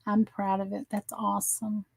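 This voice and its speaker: A woman's voice: medium pitch, completely flat delivery, normal speed, creaky, husky, no room sound, poor audio. A tired woman chatting casually with viewers while she crafts on a live stream. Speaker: crafting livestream host.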